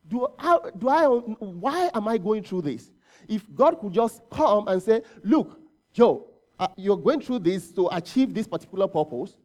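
A man's voice: high voice, a little mellow. A man preaching a sermon in a conversational way, asking rhetorical questions and often correcting himself mid-phrase. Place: church service.

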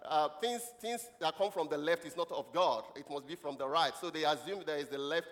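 With a little high, fairly bright voice and a brisk pace, a man gives a children's sermon. He quizzes the congregation with questions and laughs and leads call-and-response, and the church hall adds long reverb.

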